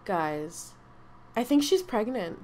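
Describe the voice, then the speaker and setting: A young woman casually commenting on her game, excitable and gushing with chatty asides. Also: medium pitch, takes it slowly, slight background noise. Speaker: gaming YouTuber. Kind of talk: casual let's-play commentary.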